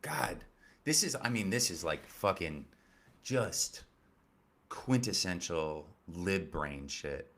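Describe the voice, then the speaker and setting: A man's voice: sits low, expressive, slow, a bit bright. A man hosting a comedy commentary show, rambling and sarcastic with lots of swearing and filler words. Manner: profane, rambling and sarcastic, with many fillers and restarts. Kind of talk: casual political comedy commentary.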